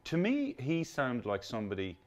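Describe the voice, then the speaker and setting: A man's voice: medium pitch, wildly swooping pitch, normal speed. A man in his fifties hosting a podcast in casual conversation, rambling through restarts and swearing freely. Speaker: podcast host.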